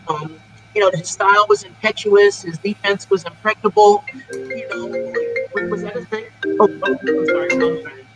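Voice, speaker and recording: A woman's voice: medium pitch, rough recording. A woman performing improv comedy, stammering through long rambling questions.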